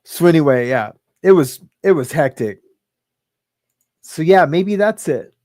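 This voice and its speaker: A man's voice: a little high, expressive, darkish tone, no room sound, clean studio sound. Rambling middle-aged man telling a story. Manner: rambling, halting, many fillers and restarts. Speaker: livestream host. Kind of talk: casual storytelling.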